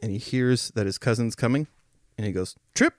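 A man's voice: mid-range voice, fairly quick, no echo, clean studio sound. A podcast co-host, a man, chatting casually and laughing his way through a funny story. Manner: laughs while telling stories, relaxed interjections. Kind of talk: casual comedic chat.

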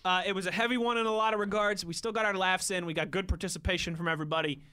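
A man's voice: sits high, steady tone, rapid-fire, pushed and bright, smooth. A man co-hosting a sports radio show, chatting casually and joking with lots of laughter. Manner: goofy, joking, laughs often.

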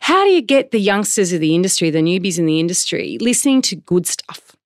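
A middle-aged woman who hosts an interview podcast and asks long, chatty, animated questions. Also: fairly low pitch, a little fast, no echo, clean studio sound. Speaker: podcast host.

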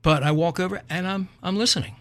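An older man hosting a show, telling a comic story in a wry, animated way and chuckling at his own tale. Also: high-pitched, quick pace. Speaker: podcast host.

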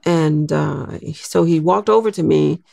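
An older woman, a guest in an interview, telling a personal story in a slow, reflective way. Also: low-pitched, vocal fry, warm tone, dry recording, clean studio sound.

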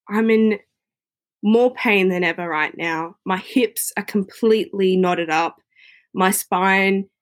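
A woman recounts a personal story in a relaxed, conversational flow. Her voice sits at a middling pitch, and she sprinkles her talk with easy fillers. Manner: chatty, frequent "you know" fillers.

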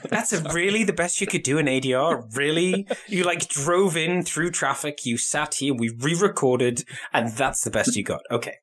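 A man's voice: on the high side, moderate pace, hardly any pauses, fairly bright tone. A man co-hosting a casual film podcast, teasing the others and laughing often. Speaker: podcast co-host.

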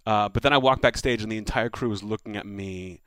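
A man's voice: lowish voice, fairly quick, clean tone, no room sound. A man who is a comedian guest, telling a story in casual chat and acting out the quotes. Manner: animated anecdote teller, acts out quotes.

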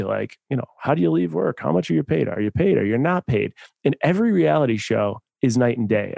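Guy hosting a podcast, gravelly voice, dry close mic, super excitable and crude. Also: medium pitch, no room sound. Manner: excitable, jokey, swears freely. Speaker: podcast host. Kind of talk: casual podcast interview.

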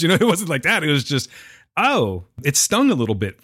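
A man's voice: on the high side, huge pitch swings, brisk, fairly bright tone, husky, no room sound, clean studio sound. A man co-hosting a podcast, telling stories in casual chat and animatedly quoting others.

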